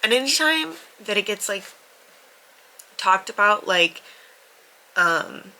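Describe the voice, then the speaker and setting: A woman's voice: mid-range voice, animated, normal speed, pauses often, pushed and bright, rough recording. A young woman talking candidly to camera in a casual book vlog, her voice stuffy from crying, self-deprecating and swearing freely, sometimes dropping to a near-whisper. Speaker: book vlogger.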